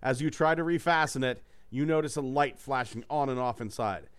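A man's voice: medium pitch, a little fast, smooth. A man reading a choose-your-own-adventure book aloud to friends, with loose, joking and profane asides. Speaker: reader running a gamebook for friends.

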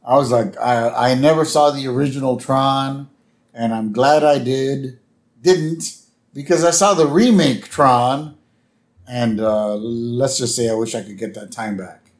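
A man's voice: medium pitch, a little slow. A man co-hosting a podcast in casual chat, joking and teasing his partner. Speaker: podcast co-host.

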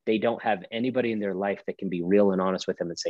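Emphatic low-voiced male pastor. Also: steady tone, rapid-fire, a little mellow, dry recording, dull audio. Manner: emphatic, preacherly, rhetorical questions. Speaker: pastor and podcast guest. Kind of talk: podcast conversation.

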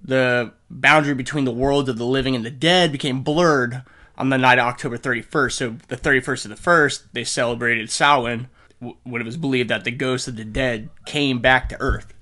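A bright, forceful male voice chatting loosely on a podcast. He jokes around, leans on fillers like "like" and "uh", and laughs often. The tone stays casual and playful. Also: mid-range voice, steady tone, moderate pace. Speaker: podcast co-host. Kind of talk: casual chat.

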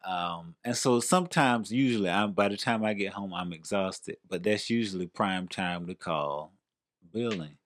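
A man with a Southern accent, co-hosting a casual podcast chat with his wife and telling stories with lively quoted voices. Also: sits low, normal speed, no room sound, studio quality. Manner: animated storyteller, acts out quoted voices. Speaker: podcast co-host.

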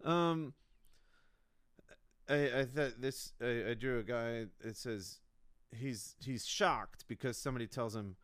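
Rambling man with a crisp, dry voice. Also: mid-range voice, slow, long pauses, fairly bright tone, no echo. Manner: rambling, self-mocking, many restarts. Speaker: comedian, podcast host. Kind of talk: solo rambling podcast monologue.

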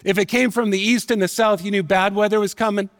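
Pastor guy preaching, fairly high voice, earnest storytelling, big echoey church hall. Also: steady tone. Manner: earnest, emotional storytelling, slows and softens for emphasis. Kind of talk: sermon storytelling. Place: church sanctuary.

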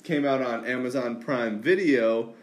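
A man's voice: mid-range voice, a little slow. A young man hosting a podcast in casual, rambling chat, full of laughter and fillers. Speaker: podcast host.

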